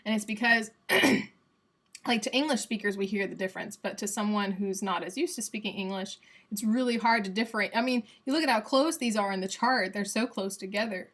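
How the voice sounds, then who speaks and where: A woman's voice: medium pitch, a little fast, fairly bright tone. A young woman with a Southern US accent, casually teaching phonetics on a livestream and sounding out examples aloud. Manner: chatty and playful, demonstrating sounds aloud.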